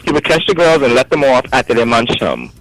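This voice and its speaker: A man telling a story in casual talk, animated, acting out the voices of the people in it. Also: mid-range voice, quick pace, gravelly, background noise. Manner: animated, acts out quoted voices. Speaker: storyteller guest.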